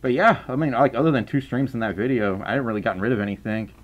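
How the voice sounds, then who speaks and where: A man with a softened Southern US accent, reading donations on a live stream in casual chat, rambling, stammering over repeated words, and laughing often. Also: mid-range voice, rapid-fire, highs cut off. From Southern United States.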